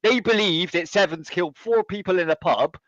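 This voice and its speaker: A man with a fairly high voice chats bluntly, swearing freely as he tells animated stories. The sound is dull and lo-fi, with no room echo at all. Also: a little fast. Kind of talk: casual chat.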